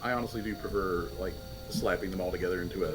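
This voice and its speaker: A man's voice: low-pitched, fairly even intonation, fast talker, music in the background, low-quality recording. A man playing in a tabletop game, joking around casually with the group. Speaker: player. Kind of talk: casual stream chat.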